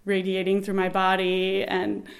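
Animated woman telling a birth story. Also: medium pitch, measured pace, creaky. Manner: animated, laughing, acts out shouted quotes.

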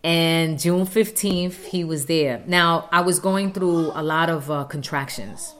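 A woman's voice: low-pitched, slow, fairly bright tone. A woman earnestly telling a heartfelt personal story about her family as a mother.

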